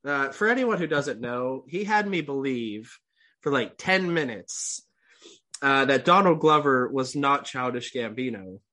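This young male podcast co-host sounds stuffed up and keeps coughing and clearing his throat. His medium-pitched voice has a sharp tone and lively intonation, moving a little slowly. In casual chat he's blunt and swears freely.

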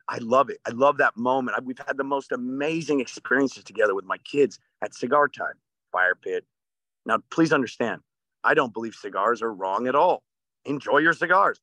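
A man's voice: mid-range voice, bright, forceful tone, no echo. A man co-hosting a casual podcast, talking in an intense, profane, motivational way.

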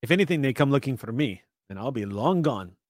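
A man's voice: mid-range voice, expressive, a little fast, no room sound, studio quality, natural voice. A man voicing a shady male opportunist who keeps pushing a bargain in a persuasive, wheedling way. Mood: scheming.

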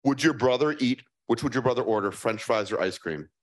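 A man with a Chicago accent answering audience questions at a live fireside chat, playful and animated, acting out the voices he quotes. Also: mid-range voice, fairly quick.

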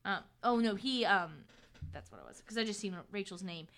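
A woman's voice: mid-range voice, expressive, moderate pace, a bit bright. Chatty young woman retelling a book. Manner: retells the plot in goofy voices. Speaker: podcast co-host. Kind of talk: casual book discussion.

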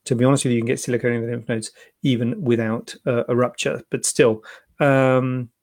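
A man's voice: mid-range voice, level tone, fairly quick, darkish tone. A man, a plastic surgeon casually answering viewer questions on a live Q&A, thinking aloud with fillers and repeated words.

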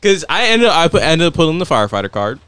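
A lively young man on a casual podcast. His voice jumps around in pitch as he tells a story, and it sounds bright and close to the mic in a dry room. He laughs often and acts out other people's lines. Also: fast, smooth, no room sound. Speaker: podcast co-host.

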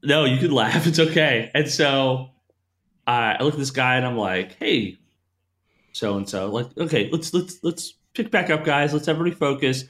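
A man in casual podcast conversation, telling a story with lively energy. His voice sits in a middle range and he slips into the voices of the people he quotes. He laughs often as he talks. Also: medium pitch, normal speed. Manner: animated, laughs a lot, acts out quoted voices. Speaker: guest storyteller, corporate trainer.

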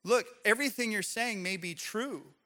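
A man preaching a sermon, an animated storyteller who speaks straight to his congregation. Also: sits high, normal speed. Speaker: pastor.

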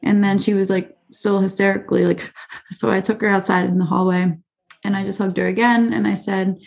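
A young woman speaks in a relaxed, chatty way, her sentences full of fillers as she tells stories from her classroom. Her voice carries a gravelly vocal fry at a middling pitch. She sounds like a teacher sitting down for a casual podcast interview. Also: a little fast. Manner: chatty, many fillers like "like" and "you know".

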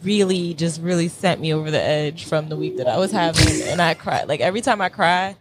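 A woman's voice: low voice, fairly quick. A woman with an ordinary mid-range voice, chatting casually with friends. She tells candid stories with a self-mocking edge. Faint background noise is present. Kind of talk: casual group chat.

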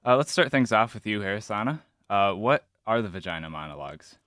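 A man's voice: fairly low pitch, expressive, fairly quick, a bit bright, dry recording, studio quality. A young man hosting a radio interview show, polite and a little scripted, with some "uh" fillers. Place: radio studio.

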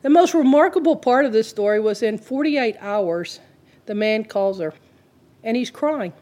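A woman's voice: fairly high pitch, expressive, moderate pace, darkish tone. A woman, telling a story in an earnest, conversational sermon. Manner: earnest, retells the story with quoted dialogue. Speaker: Christian teacher.

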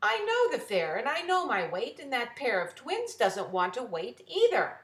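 A woman's voice: on the low side, animated, a little slow. A woman reading an indignant young girl. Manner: pleading, indignant. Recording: roomy echo.

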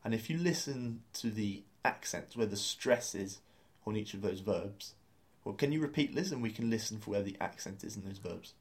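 A man's voice: on the low side, animated, normal speed, few pauses. A man teaching a beginner language lesson, explaining grammar step by step and spelling out words letter by letter.

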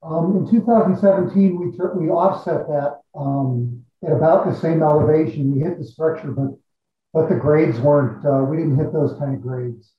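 A man working as an exploration geologist, explaining drilling results in a measured, technical way with frequent restarts. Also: a little high, slight background noise. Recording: echoey, distant, dull audio.

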